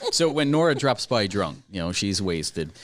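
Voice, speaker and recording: A man's voice: fairly low pitch, very animated, a little slow, a bit bright. A man co-hosting a casual movie-review podcast, rambling and laughing often as he talks. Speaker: podcast co-host.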